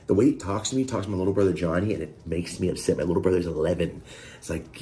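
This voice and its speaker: Deep, mellow-voiced man ranting. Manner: animated, mimics others in pitched-up voices; profane, quick storytelling. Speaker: online creator recounting a dispute. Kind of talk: heated podcast rant.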